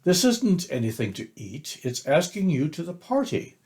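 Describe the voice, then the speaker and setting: A man's voice: a little high, very animated, moderate pace, darkish tone, pitched above the performer's own voice. A man voicing a fussy, self-important male owl in a storybook reading, with emphatic rising lines.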